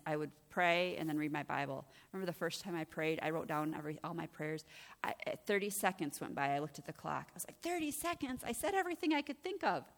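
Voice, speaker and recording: A middle-aged woman giving a personal testimony as a ministry director, telling her story with animated, acted-out dialogue. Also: low voice, vocal fry. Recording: long reverb of a large hall.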